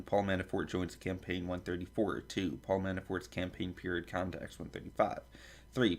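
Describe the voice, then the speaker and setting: A man hosting a podcast, reading a long table of contents aloud, stumbling over foreign names and making asides. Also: low voice. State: dry throat, coughing. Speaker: podcast host.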